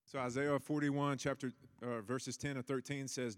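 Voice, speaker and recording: A man's voice: mid-range voice, flat delivery, moderate pace, hardly any pauses, long reverb tail. A man preaching a sermon in a casual, rambling way, with many restarts and fillers. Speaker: pastor.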